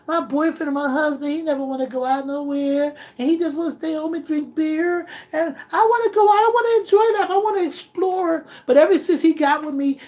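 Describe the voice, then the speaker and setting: A man's voice: extremely high pitch, darkish tone, voice pushed up. A man voicing a young woman who complains about her controlling boyfriend, in a whiny, aggrieved tone.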